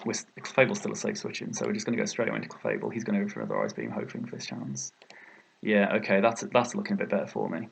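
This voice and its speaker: A man's voice: lowish voice, very fast, creaky, husky. A young British man commentating his own competitive game match, thinking aloud and often exclaiming at his own mistakes. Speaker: gaming video creator.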